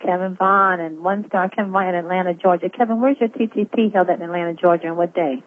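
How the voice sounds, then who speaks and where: A woman hosting a conference call, quick with affirming interjections. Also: lowish voice, steady tone, slight background noise. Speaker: call host. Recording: tinny phone line.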